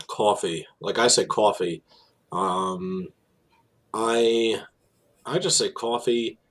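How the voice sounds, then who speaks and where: A tour guide from New Jersey talks with a New Jersey accent in a very low, deep register. He rambles casually through his stories, stacking fillers and restarting sentences as he goes. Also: slow pace. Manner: storytelling, frequent fillers and restarts. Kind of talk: casual interview talk.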